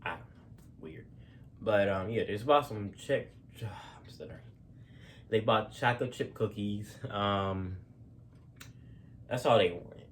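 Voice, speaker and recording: Guy telling stories off the cuff, lots of ums and restarts, lowish voice, faint hum behind. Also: slow, long pauses. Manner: rambling, with many fillers and restarts, casual slang. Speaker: storyteller. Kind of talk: casual spoken storytelling.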